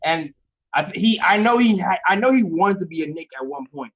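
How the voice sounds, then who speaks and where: A man's voice: high voice, brisk. A man co-hosting a sports podcast, chatting casually and laughing often as he talks about basketball. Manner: laughs often, relaxed banter. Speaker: podcast co-host. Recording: slightly dull, lo-fi audio.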